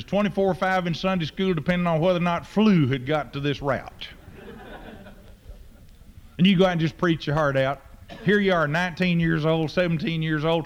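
A man, a preacher telling a humorous story with folksy, deadpan exaggeration. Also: high-pitched.

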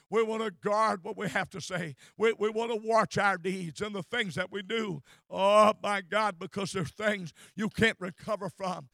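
Man preaching a sermon, very high and smooth voice, fervent and insistent, repeating and restarting words as he goes. Dry close sound with no room echo. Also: fairly bright tone.

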